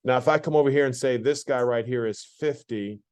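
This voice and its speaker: Man, math teacher, classroom lecture, repetitive, questioning, middle pitch. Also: a little fast, darkish tone, clear, resonant tone.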